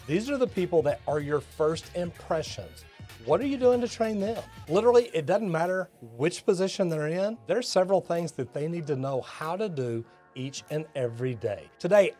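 A man, a plumbing educator, giving an energetic, emphatic business lesson to tradespeople and acting out talks with customers. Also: fairly high pitch.

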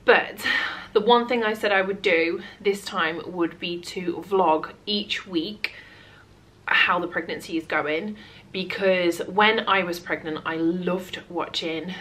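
A woman's voice: lowish voice, slow pace, a bit bright. Breathless, chatty British woman vlogging. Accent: British English. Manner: chatty and rambling, with many fillers. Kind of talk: casual chat to camera. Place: at home.

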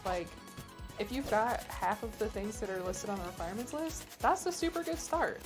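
A friendly woman recruiter talks in a relaxed, reassuring way, at an ordinary pitch for a woman. Music plays steadily under her voice. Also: normal speed. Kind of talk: casual livestream chat. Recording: music playing in the background.

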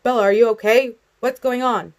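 A woman reading a storybook voicing a frightened middle-aged father shouting through a door. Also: mid-range voice, big pitch swings, brisk. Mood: alarmed.

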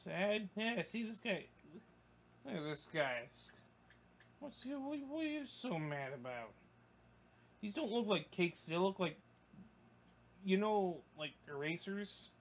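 A young man commentating his gameplay, swearing a lot and breaking into yelps and shouts when things go wrong. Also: sits high, sing-song, slow pace, long pauses, a little hiss or hum. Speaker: gaming YouTuber. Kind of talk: let's play commentary.

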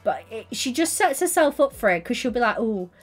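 A woman's voice: sits high, very animated, fairly quick. A young woman streaming, chatting casually and teasingly while building in a game. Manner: teasing, giggly, playful.

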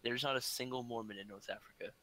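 A man's voice: mid-range voice, fairly even intonation, fast talker, sharp tone, poor audio. A young man co-hosting a casual podcast, joking around and reading out figures in a laid-back way. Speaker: podcast co-host. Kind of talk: casual chat.

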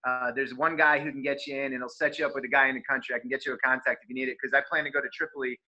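A man with a very bright, forceful voice tells a travel anecdote in loose, animated chat, full of fillers and quoted exchanges. The sound is muffled and lo-fi, like a video call. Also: mid-range voice, racing. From United States. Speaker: interview guest, traveler. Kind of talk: casual storytelling.

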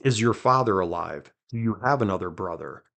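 A man hosting a podcast, reading scripture aloud with quiet dramatic emphasis and chatting between passages. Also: low-pitched, lively intonation, a little fast, creaky. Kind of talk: conversational Bible reading.

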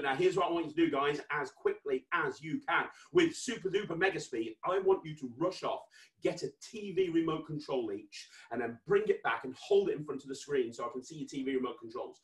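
A high, bouncy British male voice hosting a kids' magic party over video, swinging from mock-stern scolding to gleeful shouting. His pitch leaps all over the place. The sound is roomy and a little distant from the mic. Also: expressive, a little fast. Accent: British English. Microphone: webcam.

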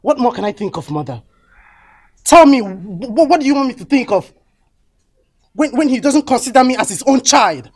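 A man's voice: extremely high pitch, lively intonation, moderate pace, long pauses. A young man with a Nigerian accent playing a resentful son who feels disowned by his father, stammering as he pleads. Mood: upset. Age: young adult. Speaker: grown son. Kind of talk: film drama acting.

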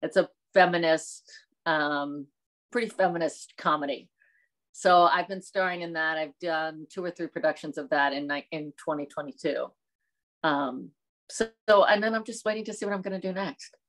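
A woman from the American South, middle-aged, talks through her work in a relaxed interview. She is lively and often laughs, slipping into other voices when quoting people. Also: low voice, normal speed. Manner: animated, laughs often, acts out quotes. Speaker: actress, interview guest. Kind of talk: casual interview chat.

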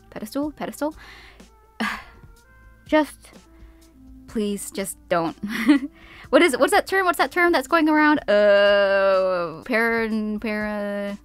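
A young woman talks straight to her audience in a loose, rambling vlog rant, restarting her sentences as she goes. Her delivery is animated, and her pitch sits in the middle range. Faint background music plays quietly under her voice. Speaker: YouTuber.

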